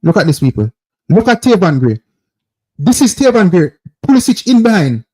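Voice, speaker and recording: A man's voice: sits high, big pitch swings, moderate pace, dark tone. A man with a Jamaican accent hosting a football call-in show, insistently breaking down plays over footage and calling out to viewers. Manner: repetitive, insistent, keeps addressing viewers as people.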